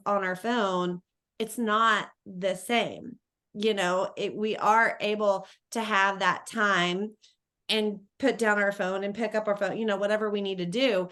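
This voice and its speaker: A woman's voice: medium pitch, a bit bright. A woman hosting a call, chatting casually and acting out what people said with laughs. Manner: chatty, acts out quotes, laughs between lines. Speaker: host. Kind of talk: casual chat.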